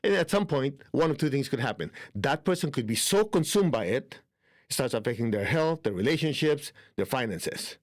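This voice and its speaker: A man giving a spiritual healing lesson at a middle pitch, talking to his listeners in a relaxed, conversational way. He keeps checking whether they follow and slips into short acted-out inner monologues. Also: normal speed. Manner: acts out inner dialogue in quoted asides. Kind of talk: instructional talk on spiritual healing.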